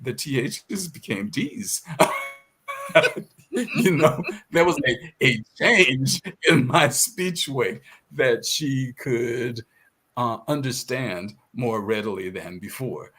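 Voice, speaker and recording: An older man from the South Carolina Sea Islands, speaking in a measured, thoughtful way in an interview. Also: mid-range voice, sing-song, a bit bright, slightly rough. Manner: measured, thoughtful, with hesitant restarts. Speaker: guest author. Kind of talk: reflective interview conversation.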